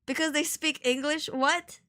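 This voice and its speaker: A woman's voice: high voice, fairly even intonation, measured pace, bright, forceful tone. A woman streamer chatting through a game trailer watch-along, giggly and reactive.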